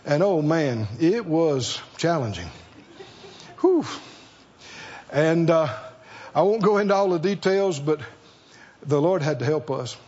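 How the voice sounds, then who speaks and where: Male preacher, call-and-response sermon, high voice, slow delivery, muffled lo-fi sound. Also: animated, a little mellow. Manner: call-and-response, rhetorical questions to the congregation.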